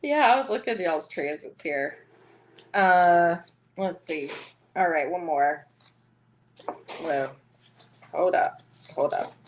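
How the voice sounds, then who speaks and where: A woman's voice: lowish voice, lively intonation, takes it slowly, long pauses, a little hiss or hum. A woman with a Southern US accent giving a chatty live-streamed tarot reading, laughing often between cards. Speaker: tarot reader.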